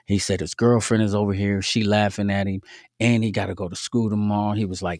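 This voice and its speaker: A man's voice: on the low side, fairly even intonation, fast talker, a little mellow, no room sound, studio quality. A man hosting a podcast, telling faith-based stories in a laid-back, slangy way with frequent asides to listeners. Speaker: podcast host. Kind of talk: casual faith-based storytelling.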